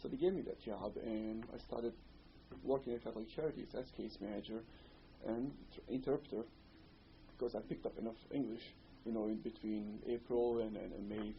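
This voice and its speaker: A man's voice: on the low side, brisk. A man in his thirties with a Bosnian accent, recounting his life in an oral history interview, rambling with lots of "you know.". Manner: rambling storyteller, many "you know" fillers. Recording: slightly muffled recording with faint hiss.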